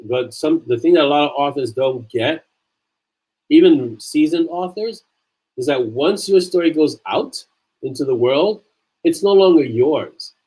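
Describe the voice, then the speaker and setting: A man's voice: fairly high pitch, lively intonation, measured pace, dark tone, husky, poor audio. A man, an author hosting a casual livestream chat, talking earnestly and repeating phrases for emphasis.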